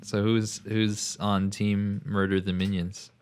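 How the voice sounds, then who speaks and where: Low-voiced young man, rambling chat. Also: little pitch movement, slow pace, a little mellow, clear, resonant tone. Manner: rambling, full of fillers. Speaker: podcast co-host. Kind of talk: casual chat.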